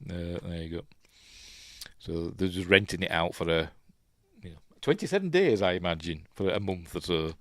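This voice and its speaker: A man with a Yorkshire accent talks through a film in a loose, live commentary, drifting off on tangents as he goes. His voice sits low and deep. The sound is close and dry, with no room around it. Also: animated, moderate pace, dry recording. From Yorkshire, England. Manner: rambling, chatty, easily sidetracked. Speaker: host.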